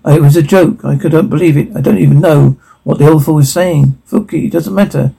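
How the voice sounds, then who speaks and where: Gravelly, husky male describer. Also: on the high side, fairly quick, warm tone, low-quality recording. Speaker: audio description narrator. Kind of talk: reading descriptions and dialogue aloud.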